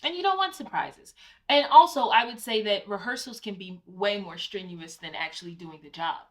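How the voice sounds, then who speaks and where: A woman's voice: medium pitch, expressive, moderate pace. A woman co-hosting a casual chat, giving conversational advice with personal anecdotes. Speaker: co-host, Broadway actor.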